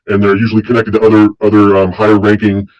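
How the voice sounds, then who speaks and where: Guest, male, low voice, quick earnest speech over a muffled, lo-fi line. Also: monotone, no room sound. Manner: earnest, halting with fillers. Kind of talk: casual conversation.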